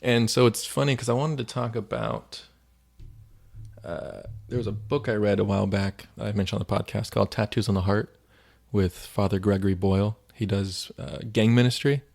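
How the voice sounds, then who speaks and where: A man's voice: on the low side, normal speed, vocal fry, darkish tone. A man co-hosting a faith podcast, retelling stories in a rambling, casual way with lots of "like.". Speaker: podcast co-host.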